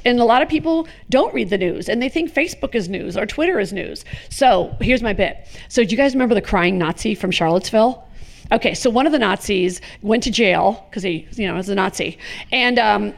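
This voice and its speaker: A woman in her fifties from the American Midwest, a comedian telling animated, profane stories in a casual interview with quick asides. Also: mid-range voice, vocal fry. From Chicago, USA. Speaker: comedian guest.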